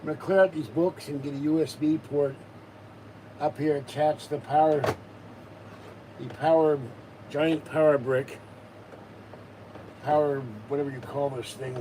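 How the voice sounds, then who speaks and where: Man vlogger, easygoing rambler, warm low tone, faint background hum. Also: fairly even intonation, a little slow, pauses often, poor audio. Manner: rambling, wry asides. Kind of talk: casual chat.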